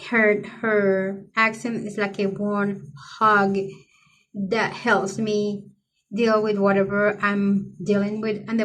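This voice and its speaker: A woman's voice: mid-range voice, a little hiss or hum. A middle-aged woman chatting casually to her viewers, gushing with effusive praise for other creators. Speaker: coloring channel creator. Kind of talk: casual chat to camera.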